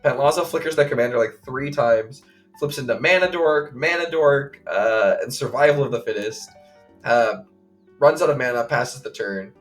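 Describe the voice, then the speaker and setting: A man co-hosting a podcast, recounting a game play by play in casual chat, full of fillers and quick acted quotes. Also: medium pitch, soft background music. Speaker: podcast co-host.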